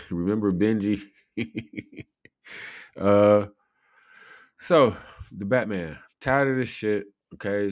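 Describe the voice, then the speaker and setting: A man with a very deep voice hosts a laid-back live show, drifting from point to point at an unhurried pace. He laughs often and fills his talk with little asides. The sound is close and dry. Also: a little mellow, no room sound. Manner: rambling, laughs often, many fillers. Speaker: show host. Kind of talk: casual live-show chat.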